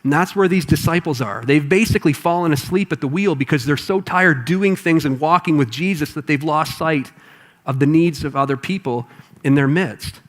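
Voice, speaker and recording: A man preaching a sermon to a congregation in a conversational, animated way. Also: on the high side, moderate pace. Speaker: pastor. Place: church auditorium with congregation.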